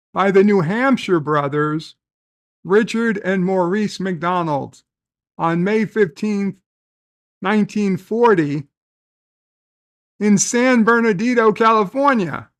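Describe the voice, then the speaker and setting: Man, live-stream host, casual chat, high voice, slow pace, reads comments aloud, self-correcting. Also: a bit bright, no room sound.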